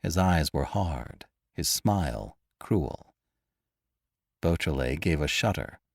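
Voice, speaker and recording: A man narrating a classic adventure story in an expressive, dramatic way, as host. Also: rumbling low, slow, gravelly, no room sound, clean studio sound. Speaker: audiobook narrator and podcast host.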